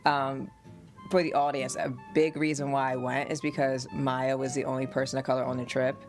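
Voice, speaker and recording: A woman from the United States, a podcast host and mother, telling family stories in an animated, casual way and laughing often. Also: extremely low pitch, brisk, soft background music.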